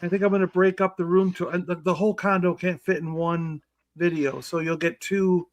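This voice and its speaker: A man's voice: high voice, flat delivery, a little fast, no echo, dull audio. A man co-hosting a livestream in casual chat, rambling with fillers. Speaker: livestream co-host.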